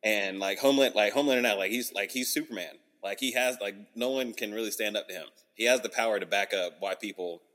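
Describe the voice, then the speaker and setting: Male podcast co-host, low register, loose slangy banter. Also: quick pace, few pauses, a bit bright, big-room sound. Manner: loose, slangy, swearing, lots of "like". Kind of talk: casual chat.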